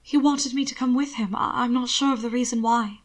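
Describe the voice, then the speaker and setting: A woman doing a calm, defiant young man. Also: on the high side, fairly quick, voice pushed up, natural voice. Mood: reassuring. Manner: placid, firm and reassuring.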